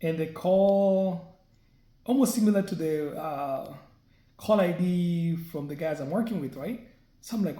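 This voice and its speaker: A fairly high-voiced man tells a story straight to his viewers, chatty and loose, often tossing in a quick "right?" to check they're following. His tone is mellow and soft-edged. The sound bounces around a bare, echoey room. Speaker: vlogger. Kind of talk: casual storytelling to camera.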